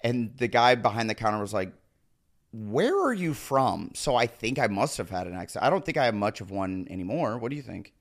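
A man's voice: on the low side, quick pace, few pauses. A man from Nebraska, a guest in casual chat, telling stories and acting out other people.

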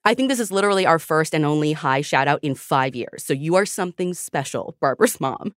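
Thirties woman hosting a podcast, lowish voice, bubbly and quick, super dry close mic. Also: animated, no echo. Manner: chatty, fast-talking, laughing. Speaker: podcast host. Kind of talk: casual chat.

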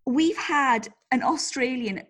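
Higher-voiced woman podcaster. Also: slow pace, a bit bright. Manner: chatty, reads out listener messages, giggly. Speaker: podcast co-host. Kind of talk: casual chat.

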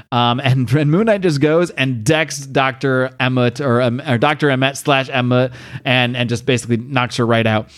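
Casual podcast host recapping a comic. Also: male voice, medium pitch, moderate pace. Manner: rambling with restarts, slips into character voices.

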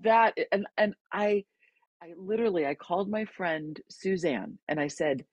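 A middle-aged woman co-hosting a casual chat, telling stories in an animated way and slowing into a gentle, soothing voice at times. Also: fairly low pitch, no echo, muffled recording. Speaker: podcast co-host.

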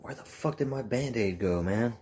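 A man's voice: mid-range voice, moderate pace, dark tone. A man hosting a podcast in casual chat, wry and profane with laughing asides. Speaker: podcast host.

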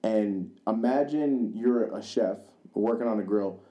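A man with a lowish, warm, mellow voice tells a rambling story on a podcast. He swears freely and acts out the voices of the people in it. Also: a little slow, dull audio. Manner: swears freely and acts out quoted dialogue in his stories; rambling, with many fillers and restarts. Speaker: podcast co-host. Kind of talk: casual storytelling chat.

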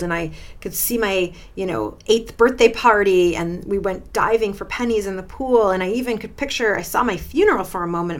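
A woman in her forties hosting a podcast, telling a personal story in a dramatic, expressive way. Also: mid-range voice. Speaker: podcast host.

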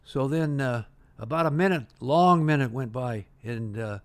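A man's voice: medium pitch, measured pace. An older man telling a rambling anecdote as an interview guest, full of restarts and quoted dialogue. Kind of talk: casual anecdote.

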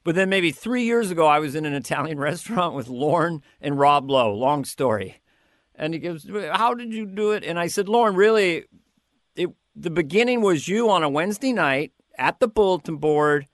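Man, higher-pitched voice, animated storyteller, quick character voices, dry close sound. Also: no echo. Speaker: guest comedian. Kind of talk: casual interview storytelling.

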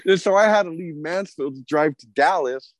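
A man's voice: fairly high pitch, moderate pace, no room sound. A man hosting a podcast, telling rambling, profane stories with frequent laughter in casual chat. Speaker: podcast host.

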